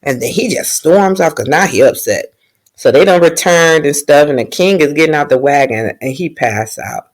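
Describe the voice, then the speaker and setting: A woman's voice: deep voice, lively intonation, moderate pace. A woman casually recapping a TV episode in a slangy, joking way with plenty of swearing. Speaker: TV show recapper.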